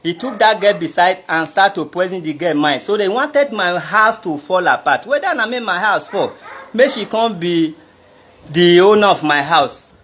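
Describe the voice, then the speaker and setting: Speaking in a high, animated, slightly rough voice with a fairly bright tone, this man talks at a moderate pace in a Nigerian Pidgin English accent. As a vlogger, he tells his personal grievance to camera in an indignant, rambling way, addressing the listener directly.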